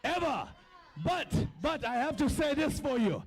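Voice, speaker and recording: A man playing an arrogant German heel wrestler in a shouted promo, ranting in a put-on German accent and mixing broken German with English. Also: extremely high pitch, sing-song, unhurried, gravelly, heavily acted. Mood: furious ranting.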